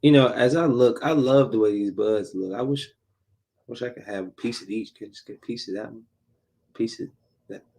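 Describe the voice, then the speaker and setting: A man's voice: medium pitch, normal speed, vocal fry, dark tone. A man hosting a casual solo podcast, talking bluntly and loosely, repeating himself and using slang. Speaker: podcast host.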